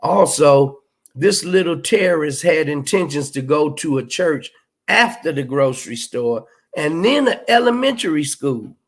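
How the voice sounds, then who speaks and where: A man's voice: fairly high pitch, expressive, a little slow. A middle-aged man, hosting a livestream and reading out chat comments in a blunt, emphatic, profane way. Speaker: livestream host.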